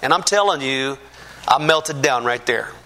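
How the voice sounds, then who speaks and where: A man giving a personal testimony in a halting, earnest way, with many restarts and fillers, growing fervent and emphatic. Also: medium pitch, lively intonation, bright, forceful tone.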